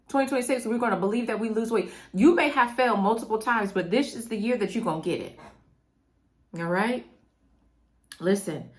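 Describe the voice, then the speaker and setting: Woman, middle-aged, motivational talk to camera, punchy and repetitive, speaks straight to the viewer. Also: mid-range voice. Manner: emphatic and preachy, repeats phrases, talks straight to the viewer. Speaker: mindset coach.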